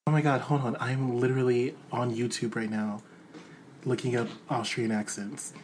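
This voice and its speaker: A man playing in a casual tabletop game, hesitant and halting as he talks. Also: mid-range voice, little pitch movement, a little mellow, a little hiss or hum. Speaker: player.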